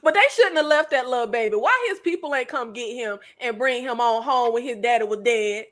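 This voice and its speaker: A woman's voice: a little high, a little fast, fairly bright tone. A woman, a guest in a casual chat, easygoing and opinionated. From Southern United States. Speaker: guest co-host.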